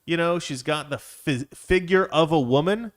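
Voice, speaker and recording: A man's voice: fairly high pitch, moderate pace. A young man hosting a show, giving casual, sarcastic commentary with frequent laughs. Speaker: show host.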